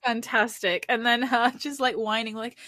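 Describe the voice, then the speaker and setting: A woman's voice: on the high side, normal speed, no echo. Giggly woman with a dry close sound. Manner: giggly, animated, acts out quoted lines. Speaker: podcast co-host. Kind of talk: casual chat about a TV episode.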